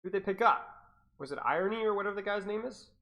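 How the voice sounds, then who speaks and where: A man's voice: high-pitched, fast talker, bright, forceful tone. A man and esports coach chatting casually on a livestream, rambling, repeating himself and laughing to his viewers. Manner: talks to chat viewers.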